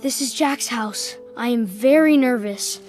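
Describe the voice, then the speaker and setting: A woman voicing a sensitive young boy in a slow storybook for learners, speaking simple lines clearly. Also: a little high, darkish tone, natural voice. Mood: apologetic. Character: young boy on his birthday, sensitive and emotional. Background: background music.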